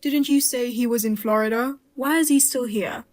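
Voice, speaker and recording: A woman's voice: a little high, normal speed, lightly acted. A woman voicing a blunt, outraged mother-in-law who jokes darkly and talks sharply. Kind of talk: dramatized story voice-over.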